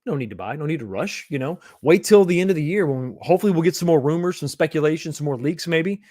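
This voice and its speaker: A man's voice: on the high side, expressive, fast, darkish tone, dry recording, studio quality. A man hosting a live stream, reading viewer comments aloud and replying in a chatty, reassuring way, calling people buddy. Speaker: livestream host reading chat. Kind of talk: casual live chat.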